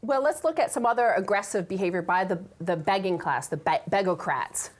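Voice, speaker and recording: A woman co-hosting a talk show, presenting financial news and commentary in a measured way. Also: mid-range voice. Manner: measured, reads figures steadily.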